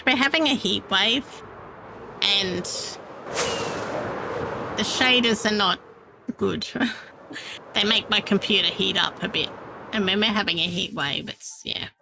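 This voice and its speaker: A woman's voice: mid-range voice, expressive, unhurried, gravelly, pauses often, noisy background. A woman chatting casually while she plays and builds in a game, self-deprecating and laughing often. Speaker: Minecraft streamer. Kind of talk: casual gameplay chat.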